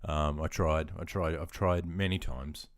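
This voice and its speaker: An Australian man streaming live, chatting casually in a relaxed, rambling way with frequent ums and chuckles. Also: a bass voice, a little slow, no echo, studio quality.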